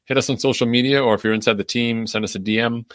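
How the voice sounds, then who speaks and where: A podcast co-host chats casually at a quick pace in a mid-range voice, recorded with no room sound. He tells stories animatedly, acting out his own inner voice, laughing often, and using lots of filler words.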